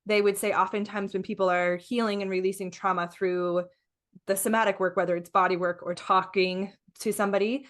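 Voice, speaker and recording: A woman's voice: mid-range voice, level tone, brisk. A woman host with a mid-range voice responds to her guest conversationally. She thinks aloud as she talks, restarting her sentences along the way. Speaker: podcast host. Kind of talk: conversational interview.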